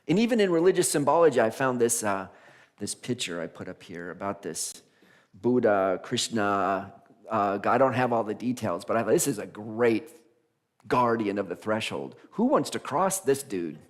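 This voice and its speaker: A man minister preaching a conversational Sunday sermon, animated and laughing as he acts out the voices of figures in his stories. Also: lowish voice, normal speed. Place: church sanctuary.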